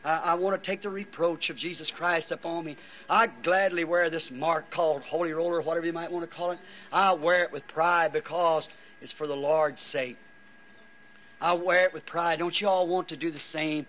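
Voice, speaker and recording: Pleading older-sounding male preacher, high and sharp, weary, dull old tape with faint hiss. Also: fairly even intonation. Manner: earnest, pleading, halting restarts. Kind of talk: fervent prayer and altar call. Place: church before a congregation.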